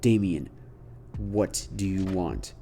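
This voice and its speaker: A man's voice: mid-range voice, a little fast, dark tone, a little hiss or hum, lightly acted. A man voicing a determined, loyal young champion trainer who speaks earnestly and firmly. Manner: earnest, firm.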